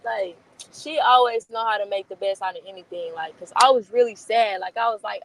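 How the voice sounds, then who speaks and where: A young woman in a casual interview, telling stories about a close friend in a lively, slangy way and laughing often. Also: medium pitch, fairly quick, rough recording.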